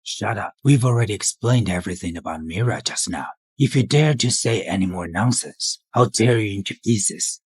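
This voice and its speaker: A husky, domineering father. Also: lowish voice, animated, moderate pace, hardly any pauses. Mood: threatening. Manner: threatening, scornful. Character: hostile middle-aged father, domineering. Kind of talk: short drama acting.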